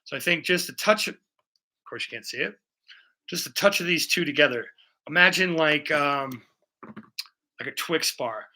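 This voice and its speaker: Bright-voiced man chatting while painting. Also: on the high side, lively intonation, normal speed, pauses often. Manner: loose, profane, chatty with viewers. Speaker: livestreaming painter. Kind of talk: casual live-stream chat while painting.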